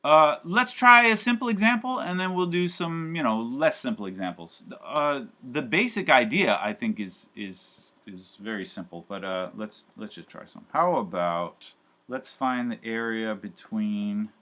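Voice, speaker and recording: A man's voice: medium pitch, unhurried, pushed and bright. A man teaching a live university calculus class, talking casually with lots of fillers and joking asides. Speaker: university math professor.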